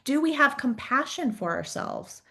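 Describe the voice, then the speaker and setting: A woman's voice: high-pitched, sing-song, measured pace, vocal fry, a bit bright. A woman career coach giving an encouraging, conversational talk, asking reflective questions and often adding "right?". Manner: conversational, peppers sentences with "right?".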